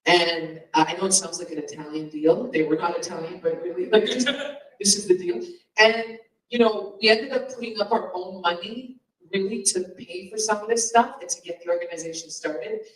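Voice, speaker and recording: A woman's voice: on the low side, moderate pace. A woman who founded a comedians' association, giving a rambling, chatty speech at a union meeting with asides and little laughs. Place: meeting hall in a comedy club. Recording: roomy and from far off.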